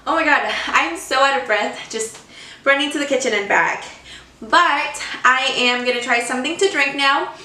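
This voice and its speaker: A young woman chatting casually through a snack-tasting vlog at home, excitable and gushing. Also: high-pitched, moderate pace. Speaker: vlogger. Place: room at home. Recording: roomy sound, a bit far from mic.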